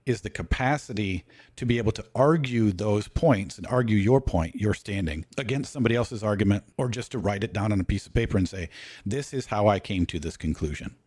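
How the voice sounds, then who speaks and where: A man's voice: on the low side, expressive, a little fast, darkish tone, breathy edge, no echo, clean studio sound. A man in casual talk, lecturing and walking through his points one by one.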